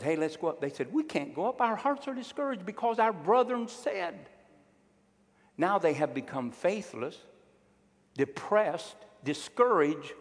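A man's voice: mid-range voice, big-room sound. A male pastor preaching a sermon, emphatic and drawing call-and-response from his congregation.

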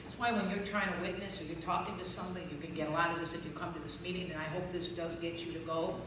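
A woman's voice: lowish voice, very fast, background noise. Woman testifying in an echoey hall. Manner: animated storytelling, rising to loud shouting peaks. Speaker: guest speaker giving testimony. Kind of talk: testimony talk to a church audience. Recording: echoey hall recording from far off, with crowd ambience.

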